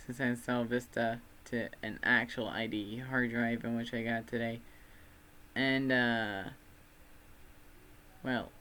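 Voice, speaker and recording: A man's voice: medium pitch, pushed and bright. A young man from Texas with a Texan accent, chatting casually on a livestream in a rambling, self-deprecating way. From Texas, USA. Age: student.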